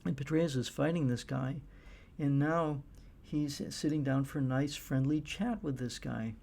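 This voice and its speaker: Man, middle-aged, political commentator, halting delivery, gravelly, mellow. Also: on the high side. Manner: halting, many fillers and restarts. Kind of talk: casual monologue commentary.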